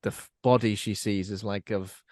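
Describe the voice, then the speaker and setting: A man's voice: lowish voice, fairly even intonation, normal speed, no echo. Male podcast host, casual film chat, dry close mic. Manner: chatty, asks co-hosts questions.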